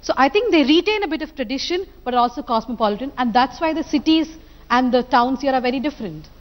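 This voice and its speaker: A woman from Kerala answering on a panel, quick and earnest. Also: sits high, animated, long reverb tail.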